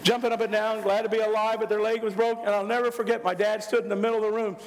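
A man's voice: high voice, fast talker, long reverb tail. An older man, a pastor, telling a folksy story in a sermon and acting out the people in it. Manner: folksy, animated storyteller who acts out voices.

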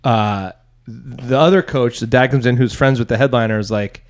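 A young man tells a comedy story in a loose, rambling way. He restarts his sentences often and now and then breaks into loud, shouted impressions of people. His voice sits at a middle pitch. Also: normal speed. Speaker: stand-up comedian, podcast co-host. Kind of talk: casual storytelling chat.

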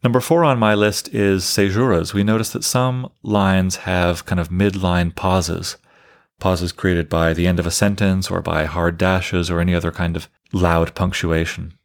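A man's voice: low voice, level tone, measured pace. A man giving a methodical, explanatory lecture on poetic meter as a literature teacher. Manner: methodical, explanatory, counts things out loud.

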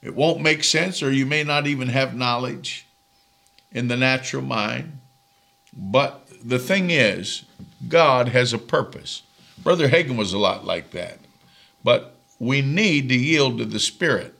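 A man's voice: medium pitch, expressive, fairly bright tone. An older man, a minister, preaching and chatting with viewers on a live stream. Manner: slow, gravelly, reads out viewers' names.

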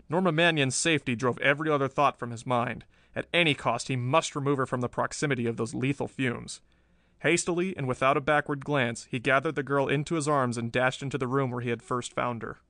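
A man narrates a pulp thriller in a steady, measured voice, lifting it for the tense moments. His pitch sits in the middle range for a man. The recording is dry and close, with no room sound. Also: no echo. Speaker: audiobook narrator.

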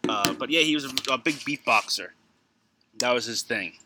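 A man's voice: mid-range voice, moderate pace, background noise. A man co-hosting a casual podcast chat, joking and chatty, laughing as he talks. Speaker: podcast co-host.

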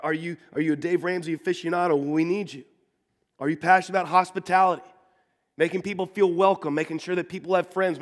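A man's voice: fairly high pitch, big-room sound. A man preaching a sermon to his congregation as their pastor, earnest and repeating words as he builds his points. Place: church sanctuary.

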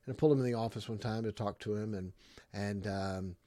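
A male pastor giving a sermon, repeating key phrases with emphasis, swinging from loud to hushed and pausing on ums and uhs. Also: on the low side, no room sound.

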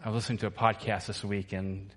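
A man's voice: on the low side, level tone, quick pace, fairly bright tone. A male pastor preaching a sermon to his church, emphatic and repetitive, asking the congregation to answer back.

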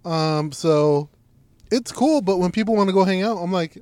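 A man's voice: high voice, moderate pace, darkish tone, clear, resonant tone, no echo. A young adult man co-hosting a podcast, telling a long rambling story in casual, profane chat full of fillers. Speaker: podcast co-host.

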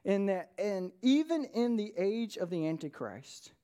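A male pastor delivering a lively sermon, his pitch swinging up and down as he preaches. He breaks off now and then for quick asides to the listeners before driving his point again. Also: smooth. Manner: animated preaching with sudden asides to the congregation.

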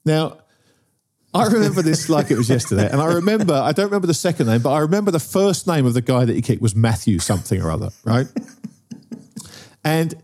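A middle-aged man chats and tells a long story, his pitch swinging widely as he goes. His tone is dark and mellow, a little higher than most men's. He keeps checking in with his listener. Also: sing-song, quick pace. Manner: storytelling, keeps asking "right?". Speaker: podcast co-host. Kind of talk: animated casual chat.

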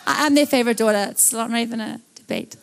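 A young South African woman preaches a live sermon in a slightly high voice, quick-paced with vocal fry. She tells stories in an animated way, acting out voices and tossing in jokey asides.

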